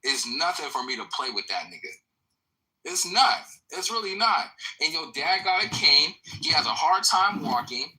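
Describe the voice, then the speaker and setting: A man's voice: on the high side, sing-song, moderate pace, pushed and bright, rough recording. A man in a heated audio chat room, taunting and cursing aggressively. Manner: aggressive, taunting, heavy profanity.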